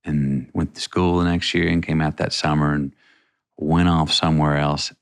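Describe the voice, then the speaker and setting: A man's voice: rumbling low, level tone, moderate pace, smooth. A middle-aged man from Texas, a podcast guest telling a personal story in a rambling, vivid way with many restarts.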